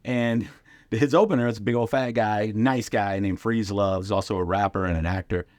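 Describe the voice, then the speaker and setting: A middle-aged man telling comedy anecdotes casually, with lively impressions and lots of fillers. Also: fairly low pitch, normal speed, dry recording. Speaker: guest comedian and radio host. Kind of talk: casual storytelling.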